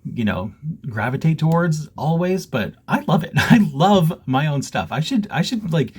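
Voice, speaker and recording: A man's voice: on the high side, big pitch swings, moderate pace, darkish tone, slightly rough. A man chatting casually to camera from his basement, joking, self-mocking and laughing often. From Canada. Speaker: cross-stitch vlogger. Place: home basement.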